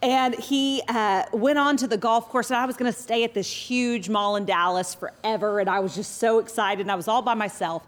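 A middle-aged woman co-preaching with her husband, telling a self-deprecating story with expressive energy. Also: fairly high pitch, normal speed, few pauses. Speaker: pastor's wife, co-speaker. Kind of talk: sermon storytelling.

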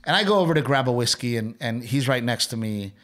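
A man from Texas with a Texan accent, co-hosting a podcast and telling a story in a lively way, laughing as he acts out what people said. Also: mid-range voice, fast talker. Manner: animated storyteller, laughs through his lines, acts out quoted people. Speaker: podcast co-host. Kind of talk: casual storytelling chat.

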